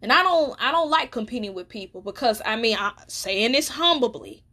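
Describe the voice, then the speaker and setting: A woman's voice: on the high side, animated, moderate pace, pushed and bright. A woman hosting a solo podcast, talking candidly and emphatically, swearing freely. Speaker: podcast host. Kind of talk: casual solo podcast monologue.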